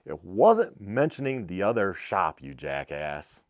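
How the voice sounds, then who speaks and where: A middle-aged shop owner with a somewhat low voice tells a story from behind his counter. He is blunt and profane. He tells it in an animated, casual vlog style. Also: a little slow, few pauses. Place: small motorcycle shop.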